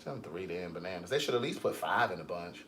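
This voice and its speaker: A man's voice: low-pitched, expressive, fairly quick, a bit bright, slight background noise. A man in his home kitchen chatting casually through a how-to, sassy and teasing, calling the viewer niece and girl. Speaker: vlogger and writer.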